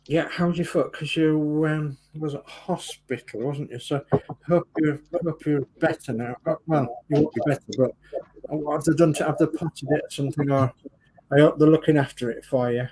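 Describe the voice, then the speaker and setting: A man's voice: fairly high pitch, fairly even intonation, normal speed, warm tone, slight background noise, rough recording. A man co-hosting a live stream, reading out viewers' greetings in a friendly way. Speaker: livestream co-host.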